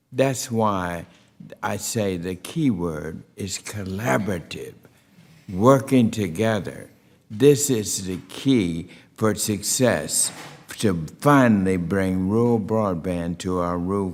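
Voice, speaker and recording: A man chairing a committee hearing, giving formal opening remarks in a deliberate manner with frequent "uh" fillers. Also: on the low side, a little mellow, in a large hall. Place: hearing room.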